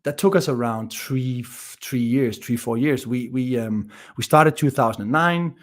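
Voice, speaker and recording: A man in his thirties with a Danish accent, a guest telling his story in a casual interview, energetic and full of restarts. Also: medium pitch, normal speed. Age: 30s. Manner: energetic, many restarts and repeated words. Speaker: guest entrepreneur.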